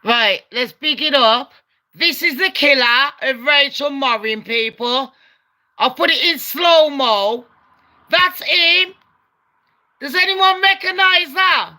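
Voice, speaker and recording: A woman commentating on a true-crime video, excitable, loud and swearing a lot. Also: high-pitched, slow. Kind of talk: live commentary over video.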